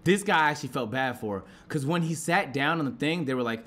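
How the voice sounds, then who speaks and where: A young man streaming live, telling a story to his chat in a profane, excitable way and acting out shouted quotes. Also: a little high, brisk.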